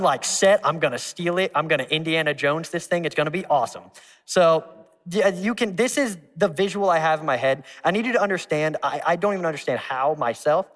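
A man preaching a sermon, spinning a personal story and acting out the people in it. His voice sits fairly high for a man. A long hall reverb trails every phrase. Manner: animated, acts out voices, laughs at his own story. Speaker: pastor.

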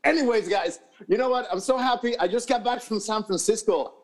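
His voice is very high-pitched and a little fast. He's a co-host from New York, rambling profanely in a podcast studio with lots of fillers and false starts.

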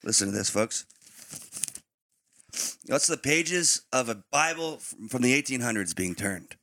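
A man co-hosting a faith podcast in casual chat, slightly raspy in the morning, rambling and informal. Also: medium pitch, lively intonation, unhurried, bright, forceful tone, dry recording. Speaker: podcast co-host.

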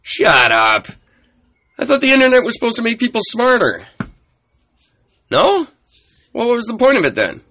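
A man playing a bewildered man who thinks it is still 1994, incredulous and questioning an unseen person, with a husky voice. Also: extremely high pitch, wildly swooping pitch, normal speed, pauses often, bright, forceful tone, a little hiss or hum, pitched above the performer's own voice, heavily acted.

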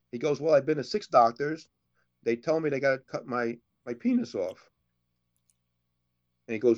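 A man at a middle pitch spins long jokes in a loose, chatty way. He slips into the characters' voices as he goes, and the sound is dull and lo-fi. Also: moderate pace, pauses often. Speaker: co-host. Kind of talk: casual joke-telling.

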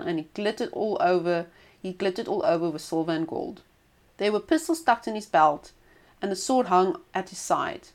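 A woman reading a folk tale aloud as storyteller, expressive with small stumbles and restarts. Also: mid-range voice.

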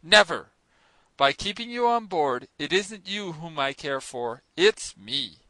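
Audiobook casting: a man voicing a stern, mysterious sea captain, cold and commanding, bright high voice, dry close sound. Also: animated, slow pace, no echo, heavily acted, low-quality recording. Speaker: narrator voicing characters. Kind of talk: audiobook reading.

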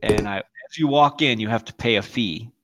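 A man's voice: mid-range voice, normal speed, background noise. A man co-hosting a podcast in casual chat, telling profane stories and acting out the quotes. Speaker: podcast co-host.

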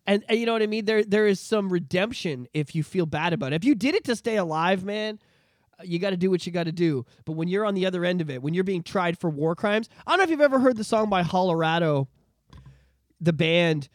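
Man from Canada, high-pitched, dry close sound, animated swearing rant, podcast host. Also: fairly quick, dry recording. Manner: animated, profane ranting with repetitions. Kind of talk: casual political chat.

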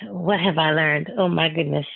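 A woman calling into a group session, sharing in a lively, informal, laughing way. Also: deep voice, moderate pace, gravelly, husky. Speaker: caller on a group call. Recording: tinny phone line.

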